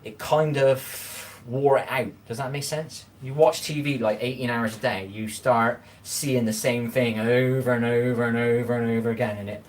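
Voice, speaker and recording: A man's voice: medium pitch, fairly even intonation, moderate pace, hardly any pauses, a little hiss or hum. A man chatting casually with viewers while cooking on a livestream, rambling and repeating himself as he reads the chat. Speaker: livestream host reading chat.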